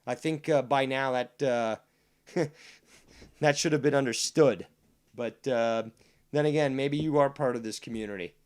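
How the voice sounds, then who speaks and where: A man rants at his stream audience in a medium-pitched, fiery, profanity-laced voice. He stacks repetitions and drags out his key phrases slowly for weight, sounding righteous and unrelenting. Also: clear, resonant tone. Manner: indignant, swears heavily, repeats for emphasis; slows down to stress key lines. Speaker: livestream host reading viewer comments. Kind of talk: profane ranting monologue.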